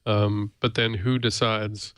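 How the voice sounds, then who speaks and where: Guy guesting on a tech chat show, kinda low voice, asks measured questions, dry sound. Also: flat delivery, a bit bright, clean tone, dry recording. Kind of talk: casual panel chat.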